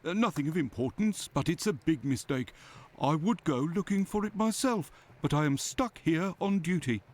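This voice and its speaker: A man's voice: on the high side, lively intonation, normal speed, darkish tone. An actor playing a chatty, deferential male police constable in a video game.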